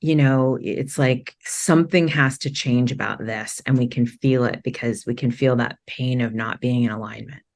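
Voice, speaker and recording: A middle-aged woman from Maine, a podcast guest telling her story candidly, rambling with many restarts and quick laughs. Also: rumbling low, fairly even intonation.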